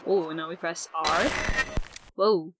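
A woman commentating as she plays a video game, excitable and quick to swear when surprised. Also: sits low, background noise. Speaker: gamer. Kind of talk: let's play commentary. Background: game music.

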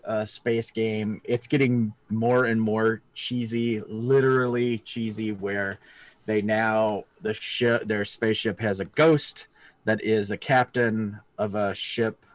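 Man, low voice, slow pace, rambling casual chat, hesitant fillers, dry sound. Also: dry recording. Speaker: podcast co-host. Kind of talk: casual chat about gaming.

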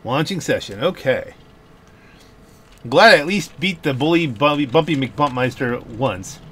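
Excitable chatty man on a noisy gaming mic. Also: medium pitch, unhurried. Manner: chatty, jokey, talks to himself while racing. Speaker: gaming channel host. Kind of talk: casual let's-play commentary. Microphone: home gaming microphone with audible clicks. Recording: noisy, with car and game sounds behind.

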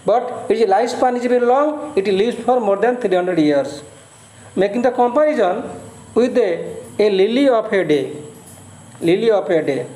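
A man's voice: high voice, moderate pace, mellow. A male teacher with an Indian English accent, reading a poem aloud and explaining it line by line, repeating key words and glossing their meanings. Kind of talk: explaining a poem in a recorded lesson. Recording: echoey room.

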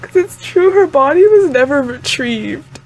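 A young woman talks her way through a reaction video, exclaiming and laughing at what she sees. Her pitch swings widely, and she speaks slowly and unhurriedly. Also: very animated, darkish tone. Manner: chatty, talks to the screen, exclaims and laughs often. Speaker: anime reaction channel host. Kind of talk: casual reaction commentary.

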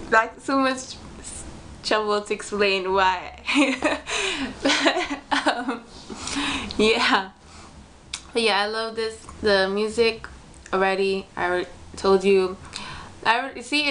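Slow-talking young woman gushing as a fan. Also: on the high side, a bit bright, slight background noise. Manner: chatty, rambling, giggly, gushing fan. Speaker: music video reactor. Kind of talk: casual reaction vlog.

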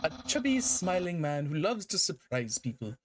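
A woman's voice: deep voice, big pitch swings, moderate pace, a little hiss or hum. A woman voicing a goofy, boastful male skeleton in a video game, with a Scottish-tinged accent that keeps slipping.

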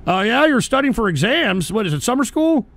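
A man's voice: extremely high pitch, big pitch swings, a little fast, a bit bright. A man hosting a call-in show, talking crude and ranting with constant swearing. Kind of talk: profane call-in stream chat.

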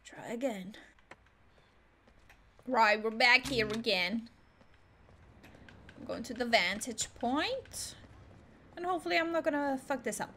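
A young woman commenting on her gameplay in a chatty, excitable way, swearing often. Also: fairly high pitch, unhurried, long pauses, slight background noise. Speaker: gaming video host. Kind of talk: live gameplay reaction commentary.

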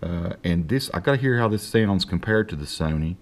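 The Southern tech host's voice is low but lively in intonation as he speaks into a handheld mic held close at his home desk. His casual screen-recorded tutorial rambles folksily, with slow, deliberate dictation.

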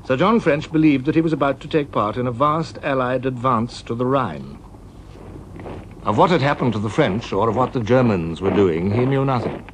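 A man's voice: medium pitch, lively intonation. British male documentary narrator, noisy old recording. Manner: measured and formal.

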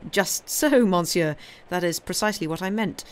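A woman's voice: fairly low pitch, normal speed, close to an everyday voice. A woman reading aloud, voicing a pompous middle-aged male banker who stammers and turns haughty. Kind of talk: reading a novel aloud on a livestream.

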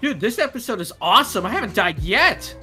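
A man chatting while playing a video game with a friend, loud and ranting, swearing and mock whining. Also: sits high, very animated, brisk, faint music behind. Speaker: host of gaming channel. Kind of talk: casual gameplay chat.

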